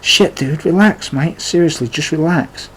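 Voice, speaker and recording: A man reading the lines of a young lad who calms and reassures his friend. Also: on the high side, unhurried, slight background noise, voice pushed up. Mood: reassuring. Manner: calm, reassuring. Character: laid-back young British lad, reassuring mate.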